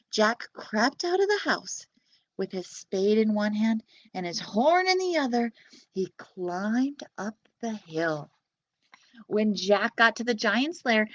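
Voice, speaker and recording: A woman librarian reading a storybook aloud to children and chatting with them in an expressive, animated way. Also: medium pitch. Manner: animated, expressive, talking directly to kids.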